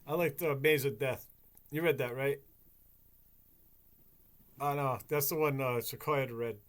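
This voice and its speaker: A man's voice: mid-range voice, a little slow. Profane rambling man telling stories. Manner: rambling, profane, animated storytelling. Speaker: podcast host. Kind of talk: casual chat.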